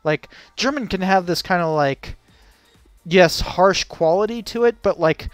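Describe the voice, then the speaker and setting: Reacting to a video on stream, a man speaks unhurriedly in a high voice, rambling and cracking jokes. He laughs often and fills his speech with fillers. There's no room sound, just faint background music.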